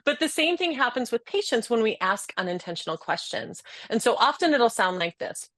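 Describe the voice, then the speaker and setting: A woman in her thirties talks through a webinar in an animated way, stopping now and then to laugh. She sits a little high in pitch and sounds close and dry on the mic, with no room around her. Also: a little fast, dry recording. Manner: animated, demonstrates speech patterns, laughs often. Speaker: communication trainer. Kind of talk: webinar conversation with demonstrations.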